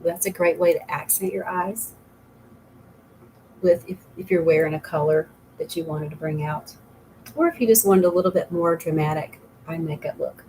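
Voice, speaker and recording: Rambling, chatty middle-aged woman, low voice. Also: fairly even intonation, moderate pace, warm tone, a little hiss or hum, rough recording. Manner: rambling, chatty, laughs often. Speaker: makeup consultant. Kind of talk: casual makeup tutorial chat.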